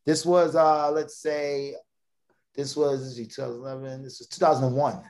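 A man's voice: mid-range voice, flat delivery, normal speed, darkish tone. A man in his thirties from Brooklyn, a podcast guest telling a long personal story in casual talk, with stammered restarts. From Brooklyn, New York. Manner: rambling, many restarts and stammered repeats.

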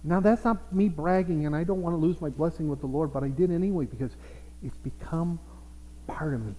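Male pastor mid-sermon, slightly high-pitched, earnest and repetitive, long church reverb. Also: fast talker, warm tone. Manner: earnest, repeats himself, acts out what believers say. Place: church sanctuary. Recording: long echo of a church hall.

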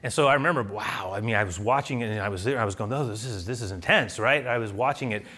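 A bright, forceful man's voice delivers a conversational sermon. He tells stories with animated bursts, then drops low and quiet for prayer. He sounds like a middle-aged pastor. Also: quick pace. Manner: conversational, animated storytelling with bursts of loud excitement.

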